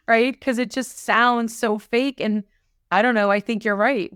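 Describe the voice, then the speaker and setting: A middle-aged woman coach in a conversational podcast discussion, animated and often acting out clients in quick asides. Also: fairly high pitch, clear, resonant tone, no echo, clean studio sound.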